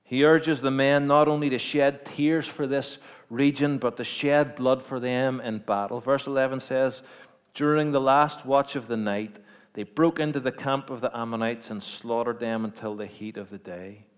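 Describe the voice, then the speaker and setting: A man preaching a sermon, moving between quiet, measured storytelling and loud, emphatic declarations with rhetorical questions. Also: mid-range voice, steady tone, clear, resonant tone. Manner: dynamic, swings from hushed to emphatic, rhetorical questions.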